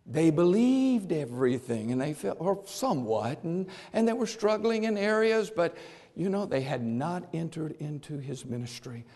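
A male preacher delivering an impassioned sermon that swings from shouts to hushed tones, with long hall reverb. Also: fairly high pitch, big pitch swings, normal speed.

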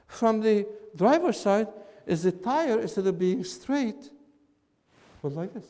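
A man, teaching a class in an emphatic, animated way and repeating his points. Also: high-pitched, a little fast, big-room sound. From Syria. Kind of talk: classroom lecture with banter.

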